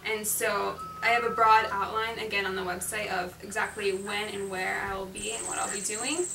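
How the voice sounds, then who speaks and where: A woman's voice: medium pitch, flat delivery, moderate pace, creaky. A woman guest in a casual interview, earnest and laughing often, with many fillers. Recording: echoey, distant, loud noise.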